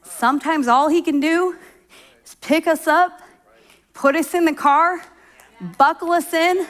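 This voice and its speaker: High-voiced woman preaching conversationally. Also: fairly even intonation, unhurried. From Oklahoma. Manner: conversational storytelling, acts out quoted voices. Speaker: pastor. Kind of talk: sermon.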